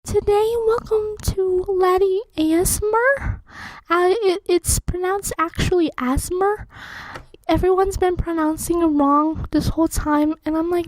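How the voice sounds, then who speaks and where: A woman's voice: very high voice, steady tone, a little slow, dry recording, rough recording. A woman doing a playful mock ASMR intro, mock-soothing and slipping into whispers.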